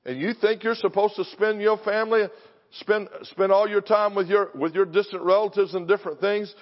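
Brief: older male preacher, fairly high voice, punchy sermon delivery, long hall reverb. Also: steady tone, moderate pace, muffled recording. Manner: punchy, alliterative, confrontational preaching. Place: church sanctuary.

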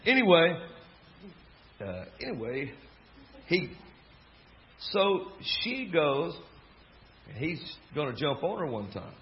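A man with a Southern US accent, a preacher telling a family story in a folksy, animated way with laughing asides. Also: fairly high pitch, slow, pauses often. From American South. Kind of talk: storytelling sermon. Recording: dull lo-fi recording with faint crowd and noise. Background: faint audience laughter.

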